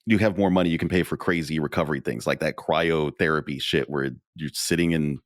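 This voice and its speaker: Deep-voiced man in casual chat. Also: fairly even intonation, a little fast, no echo, clean studio sound. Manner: laid-back, profane, laughs often. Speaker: podcast co-host.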